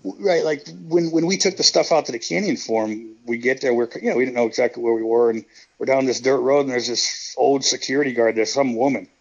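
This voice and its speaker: A man's voice: mid-range voice, fairly quick, husky, lo-fi sound. A man rambling through profane stories in a casual interview, laughing as he goes. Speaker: guest, retired pro wrestler.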